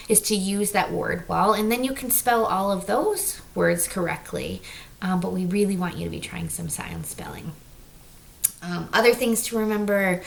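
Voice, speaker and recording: A woman teacher walks young children through a writing lesson from home, unhurried and patient, now and then whispering words as she sounds them out. Her voice has a gravelly edge. A faint hiss sits under the recording. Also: medium pitch, rough recording. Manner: slow, patient modeling with soft whispered words.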